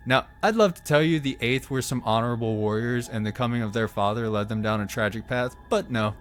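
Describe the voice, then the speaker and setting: A man at a mid-range pitch tells a story with sarcastic, profane humor. He breaks in with quick offhand jokes. Faint music plays under his voice. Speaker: channel host. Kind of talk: irreverent comedic narration.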